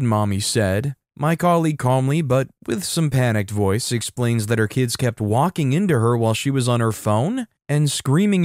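A man narrating a story in a steady, matter-of-fact scripted reading. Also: medium pitch, no echo, clean studio sound.

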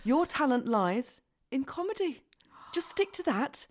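A woman's voice: high-pitched, sing-song, measured pace, a little mellow. A woman co-hosting a podcast who tells stories in a wry, teasing way during casual comedic chat. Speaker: podcast co-host.

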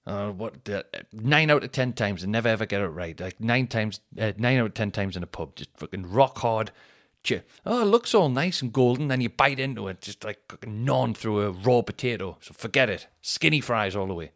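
A man's voice: fairly low pitch, expressive, a little fast. A young man, a comedian hosting his podcast, rambling through a sweary, self-mocking monologue full of tangents.

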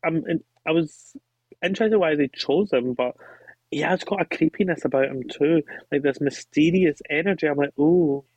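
A man guesting on a podcast, chatting in an animated, gushing way and acting out his own reactions. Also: fairly high pitch, moderate pace, dry recording. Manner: animated, gushing, quotes himself with little gasps. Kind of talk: casual chat. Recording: dull lo-fi mic.

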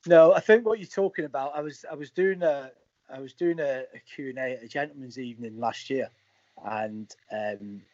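A man's voice: medium pitch, normal speed, no echo. A man, a former footballer, being interviewed and telling anecdotes in a casual way, acting out the lines of the people in his stories. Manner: animated storyteller acting out quoted dialogue. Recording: slightly muffled, dry audio.

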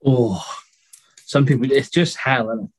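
A man's voice: medium pitch, a little slow, breathy edge, no echo, low-quality recording. A man co-hosting a podcast, casually chatting and reacting with short, encouraging replies. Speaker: podcast co-host. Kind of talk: casual chat.

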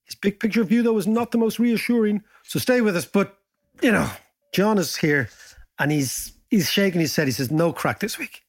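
Animated podcast host, high voice. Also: male voice, normal speed. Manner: animated, jokey, swoops up in pitch. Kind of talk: casual podcast chat.

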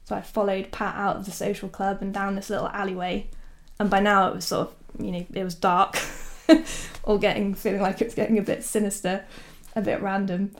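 A woman recounts events in a relaxed, chatty way, full of fillers and small laughs. Her voice has a gravelly fry and stays fairly flat in pitch, sitting in the middle of her range. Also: a little fast. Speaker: documentary filmmaker guest. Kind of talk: casual storytelling.

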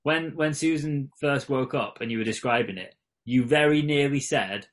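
A man's voice: mid-range voice, normal speed. Guy on a podcast, dry and mocking, ribbing his co-host. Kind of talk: casual chat.

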